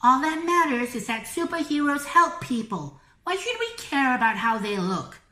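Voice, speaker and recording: A woman doing a squeaky little dumpling kid. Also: big pitch swings, moderate pace, bright, forceful tone, full character voice. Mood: teasing. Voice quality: high squeaky voice. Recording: echoey room.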